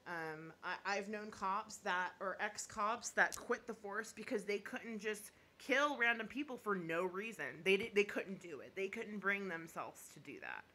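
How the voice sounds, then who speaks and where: A woman chatting live with her viewers, her pitch swinging widely and her tone bright and forceful. She speaks bluntly and opinionated, laughs often, and apologizes half-jokingly when she thinks she's gone too far. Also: animated, a little slow, hardly any pauses, slight background noise. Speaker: YouTuber. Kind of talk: casual live chat reading viewer comments.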